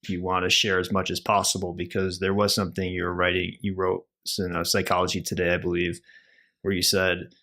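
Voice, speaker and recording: Deep-voiced male interview host. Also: monotone, brisk, sharp tone. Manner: hesitant, with many fillers. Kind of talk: conversational interviewing.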